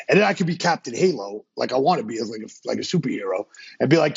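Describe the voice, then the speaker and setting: A man hosting a podcast, talking in a fast, slangy way and swearing freely. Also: on the high side, gravelly, husky, dull audio. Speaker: podcast host. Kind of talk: casual interview chat.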